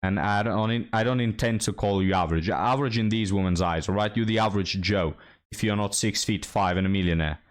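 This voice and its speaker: A man with a fairly low voice gives blunt reaction commentary. He talks straight to his viewers and never softens his opinions. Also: brisk. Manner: blunt, addresses viewers as guys. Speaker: commentary channel host.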